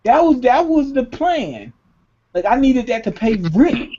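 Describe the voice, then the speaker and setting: A young man, the host, telling a story in casual chat with a profane, animated delivery and acted-out quotes. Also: extremely high pitch, a little slow, slight background noise. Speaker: podcast host. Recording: dull lo-fi recording.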